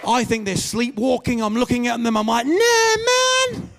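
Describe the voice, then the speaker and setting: A man doing a stand-up comedy set, telling stories in a loud, animated way with shouted bits. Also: extremely high pitch, fairly quick, gravelly.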